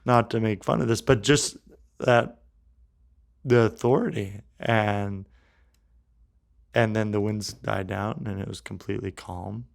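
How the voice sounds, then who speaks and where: A low-pitched man with a gravelly, fry-touched voice co-hosts a casual faith podcast. He speaks slowly and thinks aloud, circling back and restarting his sentences as he reflects. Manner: thinks aloud with many restarts and fillers, animated when acting out quotes. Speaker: podcast co-host.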